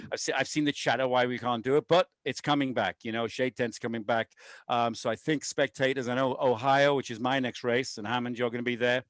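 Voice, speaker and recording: A man's voice: medium pitch, no echo. A man co-hosting a podcast in a loose, rambling way, poking fun at himself. He is on painkillers after a wisdom tooth removal. His voice sits mid-range and sounds dry and close. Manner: loose, rambling, self-mocking. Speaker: podcast co-host, race director. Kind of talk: casual podcast chat.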